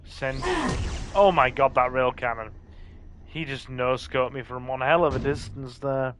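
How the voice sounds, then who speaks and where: Here a northern English livestream host plays a game, talking with his audience, answering their chat, and responding to what happens on screen. He has a medium-pitched, somewhat bright voice with fairly even intonation and an unhurried pace, over slight background noise.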